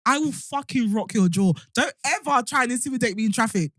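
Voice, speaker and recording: Animated woman telling stories. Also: a little high, fairly quick, few pauses, no room sound, studio quality. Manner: animated storytelling, swears freely, acts out shouting. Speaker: podcast co-host. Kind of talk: casual chat.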